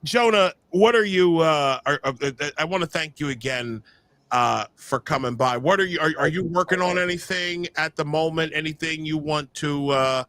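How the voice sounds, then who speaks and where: Male podcast host, bright tone, excitable chatter, slightly high voice. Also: moderate pace, dry recording. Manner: animated, excitable, repeats words. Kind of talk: casual chat.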